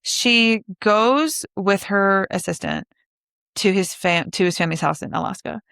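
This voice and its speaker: Chatty young woman, creaky voice. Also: medium pitch, unhurried, no echo, clean studio sound. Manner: chatty, animated, full of likes and asides. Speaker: podcast host. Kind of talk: casual solo podcast chat.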